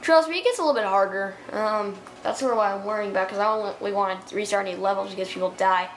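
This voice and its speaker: A woman's voice: mid-range voice, fast talker, a little hiss or hum. A young woman giving casual let's-play commentary, reading game text aloud with chatty asides and fillers.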